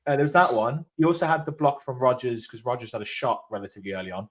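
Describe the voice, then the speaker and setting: A man's voice: medium pitch, fast, slight background noise. A man co-hosting a casual fan chat, telling rambling anecdotes in a chatty way. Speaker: fan channel co-host. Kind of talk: casual match-reaction chat.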